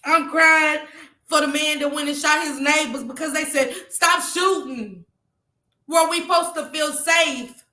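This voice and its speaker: A woman's voice: high voice, steady tone, measured pace, sharp tone, reverberant. A woman vlogger talking to her viewers in an impassioned, tearful way and reading out their chat comments. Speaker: YouTube vlogger. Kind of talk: emotional livestream talk to viewers.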